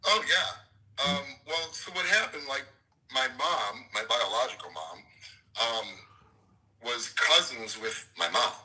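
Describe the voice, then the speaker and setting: Pria sangat cerah bercerita santai. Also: male voice, medium pitch, lively intonation, slow pace, pushed and bright, rough recording. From Chicago, USA. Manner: rambling, lots of fillers. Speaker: guest. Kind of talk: casual personal storytelling.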